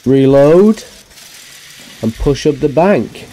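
A man's voice: fairly high pitch, animated, slow pace, dark tone, a little hiss or hum. A man giving let's-play commentary on a horror game, muttering to himself and swearing in frustration at the game. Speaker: gamer streaming a horror game.

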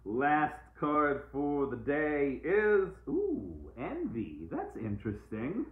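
A man's voice: on the high side, wildly swooping pitch, extremely slow. A man giving a casual, playful live-stream oracle card reading, repeating uplifting phrases like mantras. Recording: echoey room, tinny phone-like sound.

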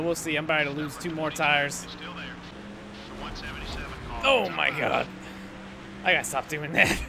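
A young man talks his way through a racing game in a rambling, sarcastic commentary and swears when things go wrong. His voice sits a little high for a man. A loud engine roar runs behind him the whole time. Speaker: gaming YouTuber. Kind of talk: casual gameplay commentary. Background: game engine noise.

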